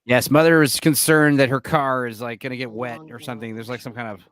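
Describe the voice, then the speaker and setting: A man's voice: medium pitch, flat delivery, quick pace, a bit bright, no room sound, studio quality. A man hosting a podcast, chatting casually and profanely while explaining a movie to his co-hosts. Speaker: podcast host. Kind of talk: casual movie commentary chat.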